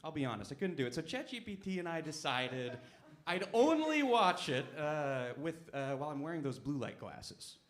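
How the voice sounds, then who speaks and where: A young man works a comedy club stage with a handheld mic, his pitch bouncing all over as he delivers deadpan, self-mocking lines. His voice sits a little high for a man. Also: moderate pace. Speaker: stand-up comic. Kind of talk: stand-up comedy set.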